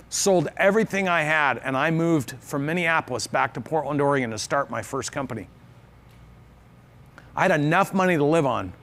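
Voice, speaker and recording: A man with a slightly high, a bit bright voice gives a motivational business talk on an event stage before a live audience. Earnest and emphatic, he often repeats phrases for effect.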